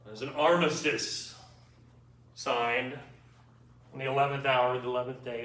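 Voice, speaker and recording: A man's voice: mid-range voice, fairly even intonation, measured pace, pauses often, fairly bright tone, slight background noise. A man giving an informal, wry history lecture to a class, checking in with his students as he goes. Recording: echoey room, mic far off.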